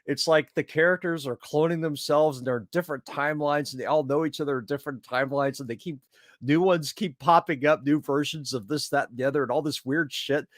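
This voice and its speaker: A man co-hosting a writing podcast, talking in a loose, animated way with frequent laughter and swearing. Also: on the high side, brisk, no room sound, clean studio sound. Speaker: podcast co-host; writer. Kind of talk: casual chat.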